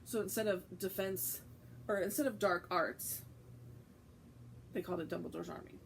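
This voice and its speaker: A woman's voice: on the low side, normal speed, creaky, a little hiss or hum, poor audio. A woman hosting a casual vlog, reading aloud from a book and chatting, with frequent fillers and self-corrections. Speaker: host.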